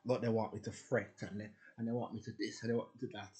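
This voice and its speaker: A man's voice: on the low side, flat delivery, quick pace, a little mellow. A man talking casually to his viewers in a rambling, boastful, profane rant. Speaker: spiritual vlogger. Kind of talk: casual ranting monologue.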